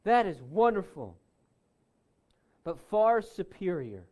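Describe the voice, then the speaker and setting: Preacher guy, highish voice, takes his time, punches key words then goes soft and low. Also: very animated, slow, long pauses. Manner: emphatic, swings from loud stresses to soft low asides. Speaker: pastor. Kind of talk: sermon.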